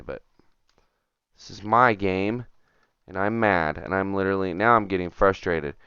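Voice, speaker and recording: A low-voiced man narrates his retro gaming stream in a casual, rambling way, muttering to himself when a jump goes wrong. His voice is crisp and sits close to a dry mic. The audio is a little dull. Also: moderate pace, long pauses, pushed and bright, no room sound. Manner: chatty, self-talking, gets frustrated and mutters. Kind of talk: casual gameplay commentary.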